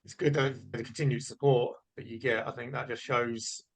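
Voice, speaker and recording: A man's voice: medium pitch, little pitch movement, fairly quick. A male host leads a conversational interview, affirming what his guest says before turning to the next topic. His voice sits in a middle range. He keeps it easygoing and laughs easily.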